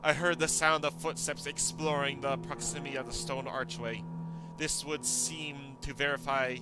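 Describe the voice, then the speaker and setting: Victorian professor reading his grim lab log, slow and deliberate, as a gamer puts him on, mid-pitched, game music behind. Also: little pitch movement, close to an everyday voice, poor audio. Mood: grave. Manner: slow, deliberate put-on accent while reading the log aloud.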